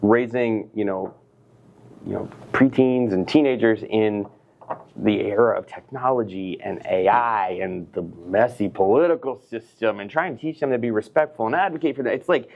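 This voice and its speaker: Talkative middle-aged man, gravelly low voice. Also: normal speed, muffled recording, a little hiss or hum. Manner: talkative, earnest and expressive. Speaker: guest, business professor. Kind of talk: casual interview chat.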